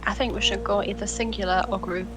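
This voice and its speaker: A woman playing in a tabletop game, blunt and casual, quick to laugh. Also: medium pitch, steady tone, over loud music. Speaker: player.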